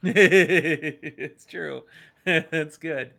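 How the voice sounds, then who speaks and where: A woman co-hosting a casual book discussion podcast, retelling the story in an animated way. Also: low-pitched, drawn-out words, creaky. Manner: animated retelling, playful voices in quotes. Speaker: podcast co-host.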